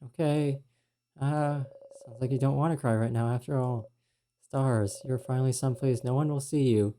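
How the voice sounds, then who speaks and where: Mellow-voiced man reading game narration. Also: mid-range voice, fairly even intonation, moderate pace, a little hiss or hum. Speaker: streamer.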